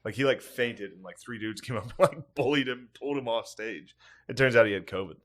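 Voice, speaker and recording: A man co-hosting a comedy podcast, rambling through profane, excitable stories in casual chat. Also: medium pitch, a little fast. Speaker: podcast co-host.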